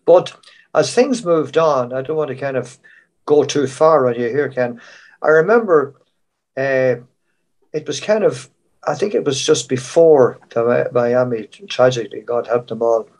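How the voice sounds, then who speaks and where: Older man, irish accent, rambling anecdotes, mid-pitched voice. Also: a little slow, a little mellow. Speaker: showband musician guest. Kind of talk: storytelling in an online panel.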